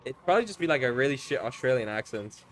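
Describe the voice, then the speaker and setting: A man doing casual live commentary on a fighting game, loud and teasing, swearing freely. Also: mid-range voice, animated, fast talker. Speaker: esports commentator.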